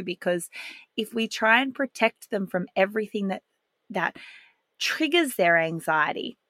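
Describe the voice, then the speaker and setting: A woman, speaking alone on a podcast. Her voice sits on the low side and her manner is calm, earnest and reflective. The recording is dry, with no room sound. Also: no room sound. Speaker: podcast host. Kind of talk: solo podcast monologue.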